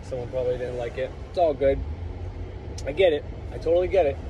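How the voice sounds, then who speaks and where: A man's voice: mid-range voice, fast, mellow, muffled recording. A man vlogging about witchcraft in a loose, profane, rambling way with lots of fillers. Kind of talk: casual rant to camera. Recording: noisy outdoor ambience with traffic.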